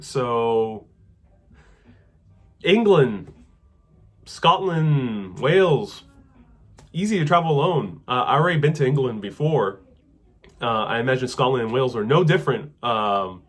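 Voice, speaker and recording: A man hosting a casual live stream, answering viewer questions about travel in a relaxed, rambling way with many fillers. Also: medium pitch. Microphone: wireless clip-on mic.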